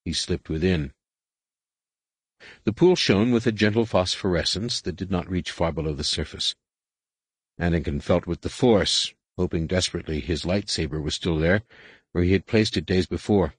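Deep husky guy narrating an audiobook, steady pace, dry close mic. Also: normal speed, no room sound. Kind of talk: scripted narration.

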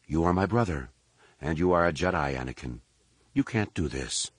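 A man reading as a young Jedi, hushed and calm, the voice dropped low and soft, almost murmured. It is intimate and dry, close to the mic. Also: normal speed, slightly rough, no echo. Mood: pleading. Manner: quiet, calm, nearly murmured. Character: calm young male Jedi, gentle and grave.

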